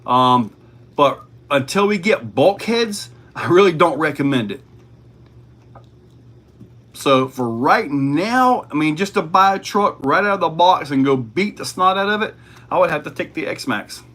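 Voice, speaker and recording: A man's voice: on the high side, lively intonation, a little slow, a bit bright. A man hosting a casual livestream, reading chat questions aloud and answering in a laid-back way.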